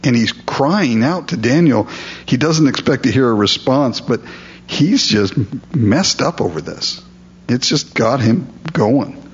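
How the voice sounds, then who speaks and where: Husky-voiced man preaching a sermon. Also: mid-range voice, lively intonation, measured pace, muffled recording. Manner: reads scripture then explains it conversationally. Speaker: pastor.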